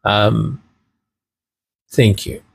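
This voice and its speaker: A man's voice: lowish voice, fairly even intonation, extremely slow, gravelly, breathy edge. A man hosting a podcast, chatting casually, laughing easily and repeating himself as he reads viewer comments. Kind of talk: casual livestream chat.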